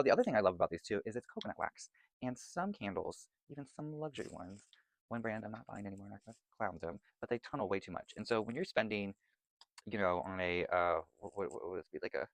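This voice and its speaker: A chatty man talks quickly through his candle haul, rambling from one thought to the next and gushing over every scent. His voice sits a little low and never slows down for long. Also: no echo. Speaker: vlogger reviewing candles. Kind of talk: casual product chat.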